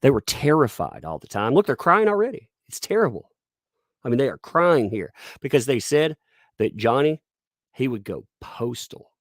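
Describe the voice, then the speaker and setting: A man's voice: big pitch swings, normal speed, dry recording, studio quality. A man hosting a live stream, commentating sarcastically, reading chat and laughing often. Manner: puts on squeaky mocking voices when quoting people.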